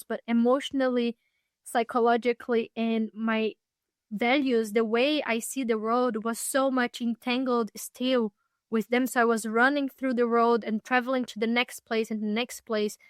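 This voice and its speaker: A young woman with a fairly high voice speaks reflectively as a podcast guest. She pauses often and restarts her phrases while she searches for words. The sound is close and dry. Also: clean tone, dry recording. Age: young adult. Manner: thoughtful, halting, frequent restarts. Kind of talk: reflective personal storytelling.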